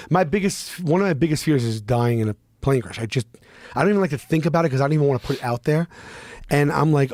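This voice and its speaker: A man telling a story in a casual talk, animated and expressive, swearing freely and acting out what others said. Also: medium pitch, fast, no echo, clean studio sound. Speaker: podcast guest.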